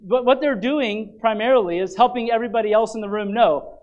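A man preaching a sermon in a church, talking in an animated, emphatic way with frequent restarts. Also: extremely high pitch, a little fast, lo-fi sound. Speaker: pastor.

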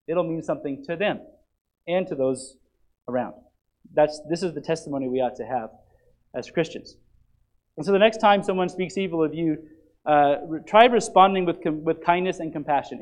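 A man's voice: a little high, a little mellow. A man teaching a Bible lesson in an earnest, emphatic way, repeating key phrases for stress.

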